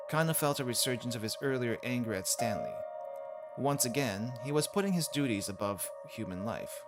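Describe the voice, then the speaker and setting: A man's voice: medium pitch, animated, moderate pace, over loud music. A man streaming a game, narrating the text and adding casual asides. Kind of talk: reading a game aloud with commentary.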